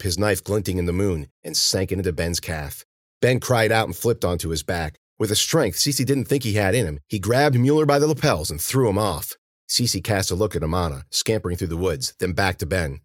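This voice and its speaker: A man's voice: deep voice, expressive, normal speed, no echo, studio quality. A man narrating an audiobook in a tense, dramatic way.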